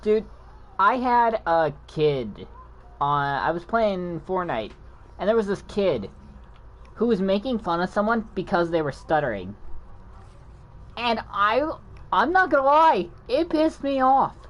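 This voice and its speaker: A man's voice: high voice, sing-song, a little slow, long pauses, fairly bright tone. A man who stutters, telling a casual gaming story with frequent restarts, mumbles and backtracking. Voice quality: stutters, mumbles when explaining. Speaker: gaming channel host.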